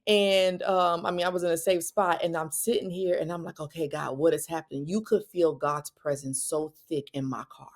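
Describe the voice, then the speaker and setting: A woman, telling a personal faith story as a Christian parenting speaker, her voice jumping higher when she quotes people. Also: normal speed, few pauses. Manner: animated, rising pitch when quoting others.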